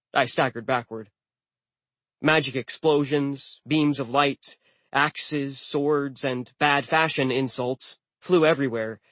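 A man reading a first-person audiobook narration with wry, deadpan humor. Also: medium pitch, dry recording. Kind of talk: scripted narration.

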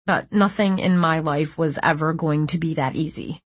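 A woman with a lowish, breathy voice narrates a story in the first person, tense and measured. The recording is close and completely dry, with no room sound. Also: no echo. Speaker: audiobook narrator.

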